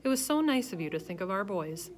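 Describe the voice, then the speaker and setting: A woman voicing a polite mother who smooths things over gently. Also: medium pitch, very animated, fast talker, lightly acted. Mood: coaxing. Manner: gentle and placating.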